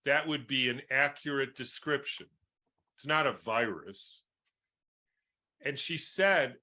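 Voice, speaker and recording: A man speaks slowly in a bright, forceful voice. He answers interview questions as a doctor and makes his points with everyday comparisons. He keeps checking with his listener. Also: mid-range voice, lively intonation. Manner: explains with homely analogies, keeps asking "right?". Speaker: guest doctor.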